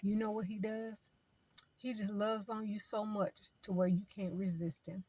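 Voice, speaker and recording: A woman's voice: mid-range voice, little pitch movement, normal speed, warm tone, husky. A woman giving spiritual advice in an informal, preaching way, talking in a chatty style that repeats phrases and acts out what other people say.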